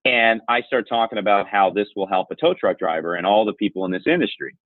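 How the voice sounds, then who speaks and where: A man's voice: on the low side, quick pace, no echo. Man on a tinny phone-like line. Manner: animated storyteller, candid and self-assured. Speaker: podcast guest, insurance marketer. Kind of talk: storytelling conversation.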